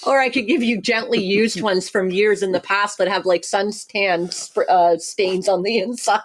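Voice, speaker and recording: A woman's voice: mid-range voice, unhurried. A middle-aged woman from Canada co-hosting a casual cruise livestream, chatty and laughing often as she reads viewer comments.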